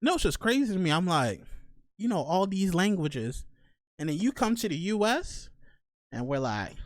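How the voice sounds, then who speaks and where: A young man hosting a podcast, telling stories in slangy, animated casual chat. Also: high-pitched, normal speed, no room sound. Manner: slangy, animated storytelling with laughs. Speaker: podcast host.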